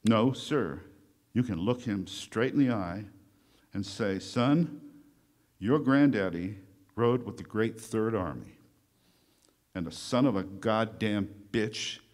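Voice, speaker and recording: A gruff, profane army general barking orders at his men, declaimed by a man in a talk. The voice is pitched higher and louder than his everyday talk, booming and blustering. It rolls crude threats out like a rallying cry. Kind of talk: declaimed speech recitation.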